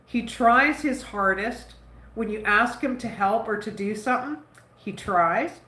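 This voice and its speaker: A woman's voice: on the high side, a little slow. A woman vlogger with a stuffy nose, rambling casually about her son while making bread dough at home. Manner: rambling, chatty, warm toward her son, many "like"s. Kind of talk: casual chat while cooking. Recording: roomy echo.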